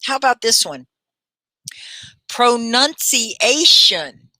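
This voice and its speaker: A woman teaching English on a live stream, her voice bright and fairly low-pitched for a woman. She praises learners warmly by name and draws words out slowly so they can repeat them. The sound is dry, with almost no room echo. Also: expressive. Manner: models words slowly, syllable by syllable.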